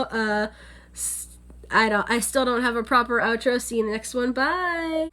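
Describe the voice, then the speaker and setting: Bright, chatty young woman. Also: on the high side, normal speed. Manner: chatty, heavy with fillers. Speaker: anime reviewer. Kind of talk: casual episode recap. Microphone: on-camera setup.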